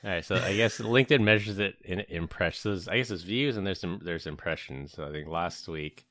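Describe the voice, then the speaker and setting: A man co-hosting a casual tech-security podcast who explains things in a measured way. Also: low-pitched, fairly bright tone, dry recording. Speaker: podcast co-host.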